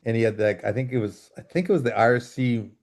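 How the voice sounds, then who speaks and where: A middle-aged man from Canada tells freeride stories as a podcast guest, his voice at an everyday pitch. He talks over a video call and acts out the other people in his tales with lively shifts. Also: quick pace. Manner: animated storyteller, acts out quoted dialogue. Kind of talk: casual storytelling interview.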